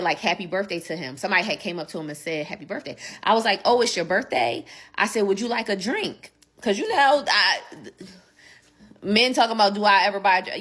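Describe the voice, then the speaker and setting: A woman with a mid-range voice tells a casual vlog story. She is chatty and emphatic, and she throws in sassy asides. Her voice moves freely between soft and loud. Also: medium pitch.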